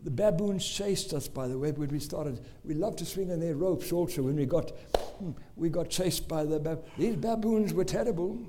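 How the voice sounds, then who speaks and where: A man's voice: a little high, moderate pace, hardly any pauses, mellow, slight background noise. A middle-aged man with a South African accent preaching a sermon, emphatic and given to exclamations as he tells stories.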